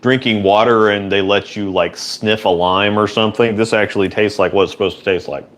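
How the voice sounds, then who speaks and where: Low-voiced man chatting casually in a shop. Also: a little fast. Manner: relaxed, rambling, chatty. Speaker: host. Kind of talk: casual chat answering viewer questions. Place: indoor workshop.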